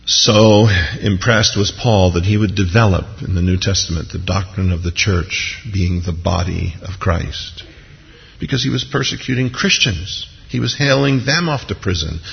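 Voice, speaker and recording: A man's voice: fairly low pitch, expressive, moderate pace, vocal fry. A man preaching a sermon in a conversational way, with frequent casual asides to the congregation. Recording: echoey hall, dull lo-fi sound.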